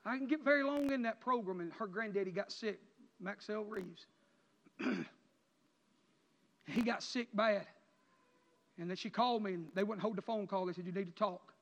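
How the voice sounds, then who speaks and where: Male preacher, high-pitched and impassioned, dull recording with long church reverb. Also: moderate pace, long pauses. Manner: impassioned, rising to near-shouts then dropping low. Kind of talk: emotional sermon testimony. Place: church sanctuary.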